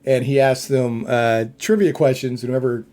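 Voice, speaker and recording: A man's voice: medium pitch, fairly even intonation, normal speed, darkish tone. A man hosting a podcast, chatting casually and rambling with many restarts. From United States. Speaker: podcast host. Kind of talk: casual chat.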